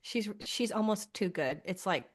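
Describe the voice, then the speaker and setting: A woman's voice: mid-range voice, moderate pace. Laughing woman telling stories. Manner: animated storytelling, laughs often, acts out quotes. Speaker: podcast co-host. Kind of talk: casual chat.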